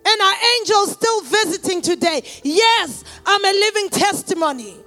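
Very high-pitched, bright-voiced woman preacher. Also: expressive, normal speed, soft background music. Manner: builds from quiet testimony to shouted exhortation. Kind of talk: sermon.

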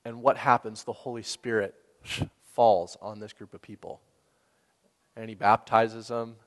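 A man preaching a sermon in a relaxed, conversational way, asking the listeners questions and laughing now and then. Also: lowish voice, measured pace. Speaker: pastor. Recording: long hall reverb.

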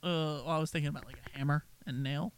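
A man with a somewhat high voice co-hosts a casual film review podcast. He retells scenes with sarcastic, exasperated asides. The sound is dry and close to the mic. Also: fairly even intonation, quick pace, clear, resonant tone, no room sound. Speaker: podcast co-host. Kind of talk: casual movie review chat.

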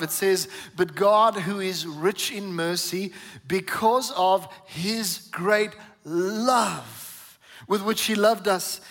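A man preaching a sermon as pastor, emphatic and building to forceful peaks, calling on the congregation to repeat after him. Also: high-pitched. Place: church hall. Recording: reverberant church hall.

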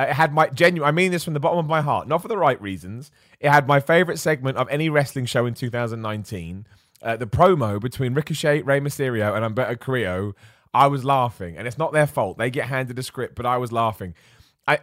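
A chatty male host talking through a live wrestling stream, animated and quick to laugh. His voice sits at a middle pitch. The sound is dry and close, with no room echo. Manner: chatty, animated, laughs often, repeats himself. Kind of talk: casual live-stream commentary.

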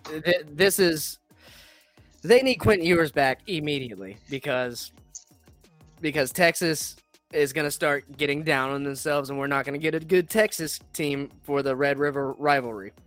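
A man's voice: fairly high pitch, a bit bright, no room sound. A young man hosting a casual sports podcast, talking in a blunt, profane, rambling way. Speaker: podcast host.

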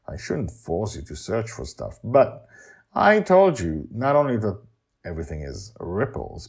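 A man narrating his own serialized storybook podcast, with animated, rambling asides to listeners. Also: on the low side, creaky, breathy edge. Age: older. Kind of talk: storybook narration and casual chat.

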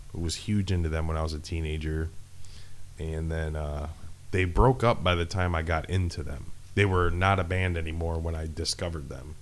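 A man's voice: low-pitched, slight background noise. A man in a casual, profane, rambling chat, talking about metal shows as a podcast co-host. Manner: laid-back, profane, rambling.

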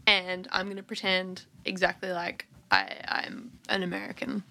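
A woman's voice: lowish voice, sing-song, moderate pace, bright, forceful tone. A woman with an Australian accent, a guest on a podcast, chatting casually with dry, wry replies. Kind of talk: casual chat.

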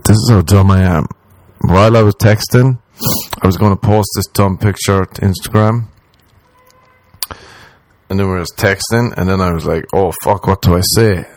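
A man's voice: deep voice, moderate pace, pauses often, darkish tone, no echo. A young Irish man, a comedian, hosting a podcast and telling a story in a rambling, profane, self-deprecating way. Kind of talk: casual storytelling monologue.

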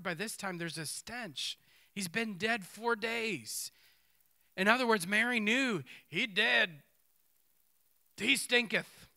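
A man preaching a sermon, reading scripture aloud and commenting on it in an animated way that acts out the people in the story. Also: sits high, smooth. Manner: animated, acts out the speakers in the text.

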